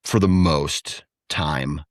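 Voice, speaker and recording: Male guest, 30s, low voice, dry close mic, rambling storyteller. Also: extremely slow, no echo. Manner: rambling, animated when quoting his kids. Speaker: podcast guest, hunter and father. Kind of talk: casual storytelling chat.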